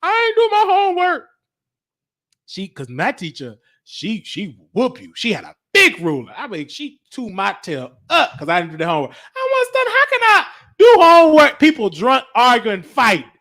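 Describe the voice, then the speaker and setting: High, animated storyteller man. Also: normal speed. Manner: animated, excitable, talks back to the listener. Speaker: show host telling a childhood story. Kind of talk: comedic storytelling monologue.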